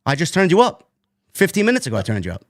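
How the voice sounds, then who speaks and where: A man's voice: on the high side, wildly swooping pitch, quick pace, no echo, studio quality. A man hosting a wrestling review show, talking bluntly and with exasperation, swearing freely. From New York. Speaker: podcast host. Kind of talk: casual wrestling review chat.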